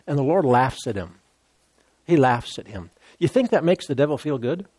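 A man preaching a sermon, emphatic and repetitive, stumbling over repeated words and breaking into laughter and loud exclamations. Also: mid-range voice, big pitch swings, moderate pace, no echo.

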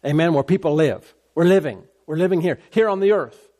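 A man's voice: a little high, animated, fairly quick, mellow. A man preaching a sermon who reads scripture aloud, repeats phrases for emphasis and checks in with the congregation. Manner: call-and-response asides, repeats phrases for emphasis.

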